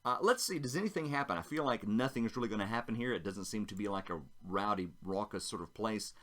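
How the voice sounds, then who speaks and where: Man, low voice, casual solo game narration, thinking aloud, rolling dice. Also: animated, quick pace, a bit bright.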